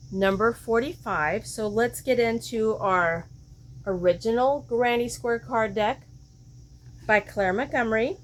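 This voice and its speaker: On a crochet vlog, a woman with a voice on the high side chats casually in show-and-tell style, with a little hiss or hum audible. She thinks aloud and often questions herself mid-sentence.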